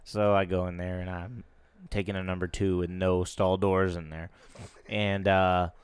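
Male storyteller, smooth and resonant, animated, casual chat, dry recording. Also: deep voice, measured pace, no room sound. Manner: animated storyteller, laughs as he talks.

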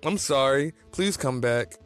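A man's voice: medium pitch, expressive, measured pace, clean tone, faint music behind, close to an everyday voice. A man voicing a playful, teasing young male character in a read-aloud fan story. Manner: teasing, cheeky.

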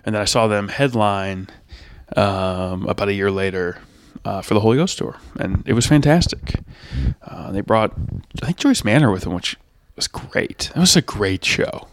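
Talking solo on his podcast at a moderate pace, a man with a voice on the low side gushes about his favorite bands. It's an enthusiastic, rambling music review packed with fillers, recorded without echo.

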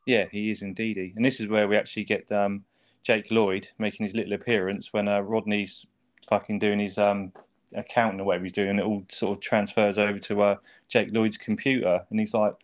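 Man, quick casual chat, lowish voice, swears and laughs. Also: little pitch movement. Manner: chatty, swears, laughs often, asks tag questions. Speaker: podcast co-host.

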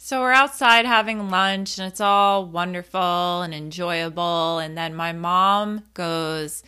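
A woman's voice: lowish voice, takes it slowly, bright, forceful tone, clear, resonant tone. A woman in her thirties telling a candid, funny family story in a casual monologue, swearing and laughing at herself. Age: 30s.

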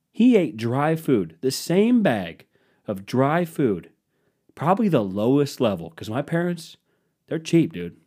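Profane ranting man, lowish voice. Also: dark tone, breathy edge. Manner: profane, sarcastic, ranting storyteller. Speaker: podcast host. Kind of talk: solo podcast rant.

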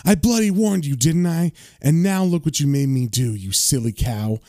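A man's voice: on the high side, lively intonation, normal speed, no room sound, clean studio sound. A man reading a deranged, taunting cop. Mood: menacing. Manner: yelling, taunting. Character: deranged male police officer, violent father.

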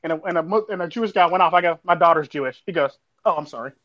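Fast slangy man, muffled audio. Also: fairly high pitch, fairly bright tone. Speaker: show host. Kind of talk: casual panel chat. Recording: dull lo-fi audio.

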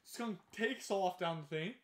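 A man telling a wild story in casual chat, animated, swearing and laughing as he goes. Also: sits high, a little slow. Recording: echoey room.

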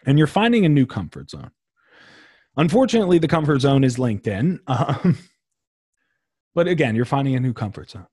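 A young man hosting his own podcast, talking casually and emphatically with a slangy, animated delivery. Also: medium pitch, moderate pace, no echo, clean studio sound. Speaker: podcast host. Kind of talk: casual solo podcast talk.

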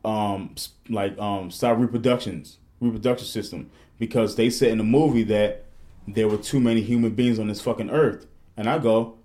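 A man, hosting a casual podcast and telling stories in a profane, animated way, full of restarts. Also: fairly low pitch. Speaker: podcast host.

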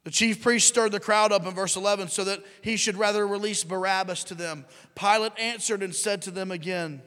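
A man preaching a sermon, acting out voices, swinging from loud bursts to hushed drops. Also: sits high, a little fast, hardly any pauses, in a large hall. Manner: animated, acts out crowd and Pilate, rising and dropping to near whisper. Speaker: pastor.

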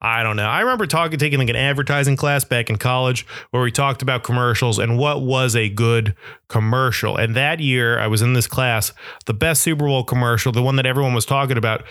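A man's voice: medium pitch, a bit bright, smooth, dry recording, studio quality. A young man in a casual comedic monologue, rambling and self-deprecating as he riffs into absurd bits.

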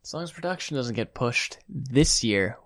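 A man co-hosting a movie podcast in casual chat, excitable and swearing freely. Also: medium pitch, normal speed. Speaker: podcast co-host.

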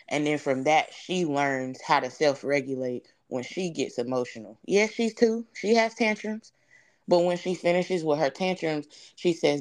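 A young woman with a deep voice, speaking at normal speed, tells her story as a podcast guest. Her candid, conversational account is earnest and reflective, with lots of fillers.

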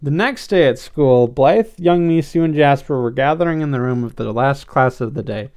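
Expressive man reading a story aloud. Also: mid-range voice, normal speed. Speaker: narrator.

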